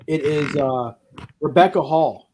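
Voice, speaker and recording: A man co-hosting a casual film podcast, telling lively stories and swearing freely. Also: fairly high pitch, measured pace, slight background noise. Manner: animated storyteller, swears casually. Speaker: podcast co-host. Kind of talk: casual chat.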